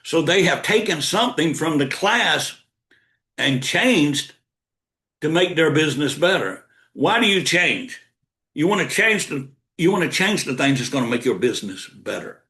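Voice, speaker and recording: A man's voice: on the high side, sing-song, normal speed, pushed and bright. Older man coaching, echoey room. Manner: repeats key lines for emphasis. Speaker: sales coach. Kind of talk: motivational coaching talk. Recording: roomy echo.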